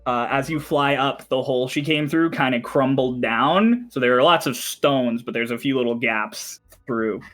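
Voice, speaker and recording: A man narrating a tabletop game as game master, describing scenes slowly with frequent fillers. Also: medium pitch, fairly bright tone.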